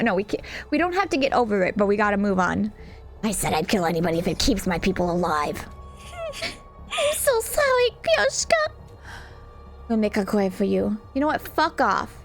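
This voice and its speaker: A woman streaming a game, ranting animatedly and exasperatedly at the story. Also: mid-range voice. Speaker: streamer playing a visual novel. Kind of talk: let's play commentary.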